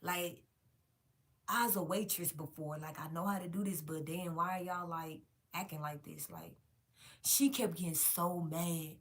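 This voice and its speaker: Animated, profane woman telling a story. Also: fairly low pitch, measured pace. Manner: directly addresses viewers. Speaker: vlogger. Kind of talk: casual storytime monologue.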